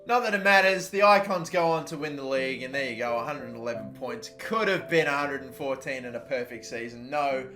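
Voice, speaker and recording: A young man, commentating his own football video game play, swearing often and shouting at his players. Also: on the high side, lively intonation, a little fast, few pauses, soft background music. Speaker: gaming YouTuber. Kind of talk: live gameplay commentary.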